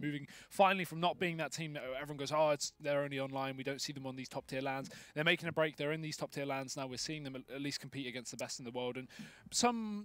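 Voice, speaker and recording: A man's voice: a little high, a bit bright. A man co-casting an esports match at the desk, playful and chatty, often stumbling and repeating words. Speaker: esports caster. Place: studio desk at a live event.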